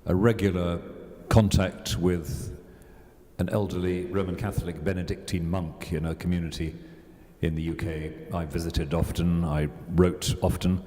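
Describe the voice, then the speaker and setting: A man speaking on a panel in a measured, reflective way. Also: low-pitched, dark tone. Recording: hall reverb.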